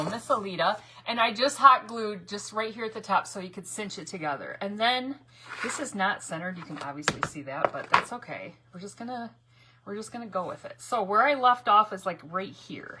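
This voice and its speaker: A woman's voice: medium pitch, expressive, brisk, bright, forceful tone, husky. A woman hosting a casual live crafting stream, chatty and laughing often as she greets viewers by name. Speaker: craft livestream host.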